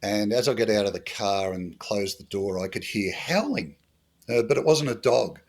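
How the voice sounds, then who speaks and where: A middle-aged Australian man with a low, deep voice tells stories from his years as a bush police officer. He is dry and humorous and says a lot of "uh" and "um" in an unhurried interview. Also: expressive. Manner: dry humorous anecdotes with fillers. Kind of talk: storytelling interview.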